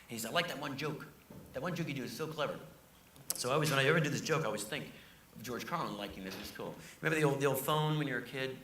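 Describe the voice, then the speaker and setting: A male comedian telling stories in a casual interview, animated and jokey. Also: medium pitch. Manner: animated, jokey, acts out voices. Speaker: comedian guest. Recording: roomy, distant mic, noisy.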